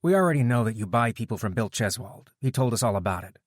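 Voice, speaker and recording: A man's voice: mid-range voice, animated, quick pace, dry recording, clean studio sound, pitched above the performer's own voice, close to an everyday voice. A man voicing a determined young man who interrogates captors coldly in an audiobook. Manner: cold, commanding, relentless. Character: determined young man hunting kidnapped fiancée.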